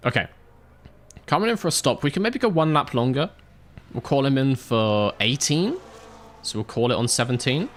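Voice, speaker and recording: A male streamer chats loosely as he plays a racing management game, reading out chat and laughing at his own jokes. His voice sits at a middle pitch but swings up and down with a lively, animated tone. He speaks into a close desk microphone fitted with a pop filter. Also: moderate pace, pauses often. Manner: jokey, laughs often, reads chat aloud. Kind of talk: casual live-stream chat and game commentary.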